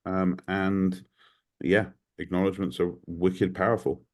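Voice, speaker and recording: A low-pitched British man talking on a video call. He speaks casually and with energy, filling his sentences with ums and likes. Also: a little slow. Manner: animated, frequent ums and likes. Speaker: community member sharing advice.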